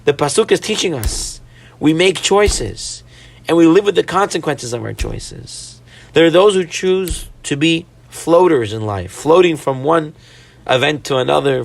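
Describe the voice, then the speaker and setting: A man's voice: on the high side, animated, moderate pace, creaky. A man, a rabbi, delivering a weekly Torah-portion sermon, earnest, with rhetorical questions and Hebrew religious terms.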